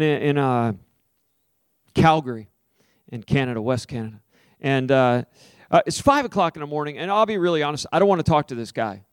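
A man's voice: no echo, clean studio sound. Emphatic American preacher, man. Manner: emphatic, with sudden high swings and drawn-out stressed words. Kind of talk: sermon.

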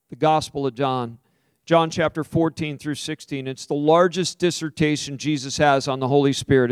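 American male preacher, emphatic sermon delivery, fairly high voice, dry close sound. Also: no room sound. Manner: emphatic, with sudden high swings and drawn-out stressed words.

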